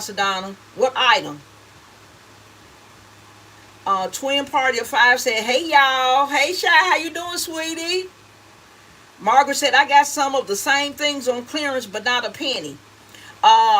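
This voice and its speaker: A woman's voice: high-pitched, fairly bright tone, a little hiss or hum, poor audio. A middle-aged woman hosting a casual livestream, reading viewer comments aloud in a chatty, homey way and calling people honey and baby. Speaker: gift basket seller hosting a livestream.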